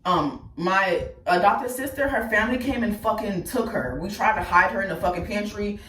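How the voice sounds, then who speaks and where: A woman tells her own story to viewers in a blunt, profane, animated way, talking straight to the audience. Her voice sits at an ordinary middle pitch. It echoes around the room and she stands a little back from the mic. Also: moderate pace, recorded from a distance, slight background noise. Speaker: host telling her life story. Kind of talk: casual personal storytelling to viewers.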